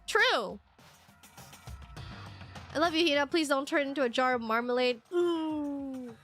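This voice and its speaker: High-voiced woman streamer, animated reading. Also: measured pace, soft background music. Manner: animated, acts out lines in shrill put-on voices. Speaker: streamer playing a visual novel. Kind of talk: reading game dialogue aloud and chatting.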